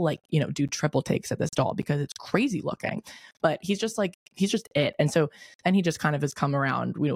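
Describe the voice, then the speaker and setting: A woman in her twenties hosting a podcast, telling a story in a casual, animated way, full of "like" fillers. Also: sits low, vocal fry, no room sound, studio quality. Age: 20s. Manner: chatty, lots of "like" fillers, animated retelling. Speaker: podcast host.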